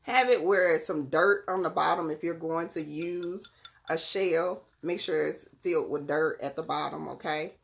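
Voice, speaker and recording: Low gravelly-voiced woman live-streaming. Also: moderate pace. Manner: chatty, talks straight to viewers by name. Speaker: live-stream host selling crystals and readings. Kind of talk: casual live-stream demonstration.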